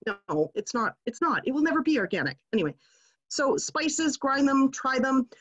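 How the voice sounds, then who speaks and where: A woman's voice: fairly high pitch, big pitch swings, moderate pace, breathy edge, lo-fi sound. A woman giving a casual online class, talking in a chatty, digressive way that slips into rants. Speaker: class presenter. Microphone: video call.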